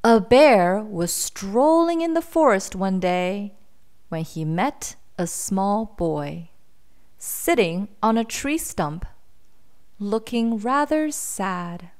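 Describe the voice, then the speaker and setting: A woman reading a children's picture book aloud in a gentle, expressive way. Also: mid-range voice, slow pace, smooth. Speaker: storyteller.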